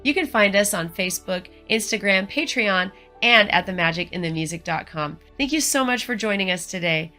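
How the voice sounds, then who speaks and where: Bright-voiced woman giving friendly travel tips. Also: mid-range voice, lively intonation, moderate pace, hardly any pauses, soft background music. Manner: earnest, encouraging, chatty with frequent "you know". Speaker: travel vlogger. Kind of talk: casual advice vlog.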